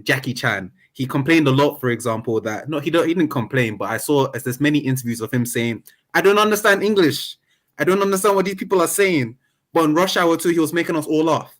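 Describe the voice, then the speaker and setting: A man of Nigerian background, a talkative guest in an online interview who tells anecdotes and jokes. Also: medium pitch. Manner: animated and talkative, jokes and laughs. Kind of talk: casual interview chat.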